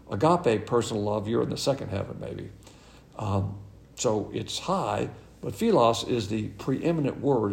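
A man with a gravelly, fry-tinged voice teaches scripture in a sermon. He is blunt and emphatic, and he keeps it conversational with quick asides to his listeners. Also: mid-range voice, darkish tone. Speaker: Bible teacher.

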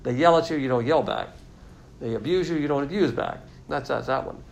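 A man's voice: medium pitch, lively intonation, a little fast, vocal fry, poor audio. A man teaching a sermon-style Bible lesson, explaining word meanings and repeating his key points.

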